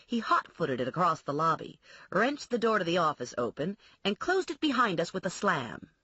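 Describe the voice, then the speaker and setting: A woman narrating an audiobook in a wry, expressive storytelling manner, with a husky voice. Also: fairly low pitch, fairly quick, few pauses, dry recording, dull audio.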